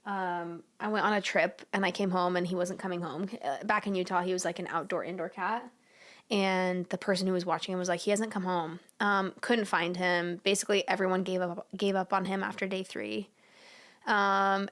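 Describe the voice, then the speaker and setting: A woman's voice: mid-range voice, normal speed, a bit bright. Chatty young woman on a home livestream. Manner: chatty, giggly, slangy, coos at her cat. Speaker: livestream host. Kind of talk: casual livestream chat.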